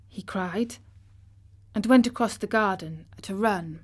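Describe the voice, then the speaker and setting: Woman audiobook narrator, gentle storybook reading, unhurried. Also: medium pitch, husky.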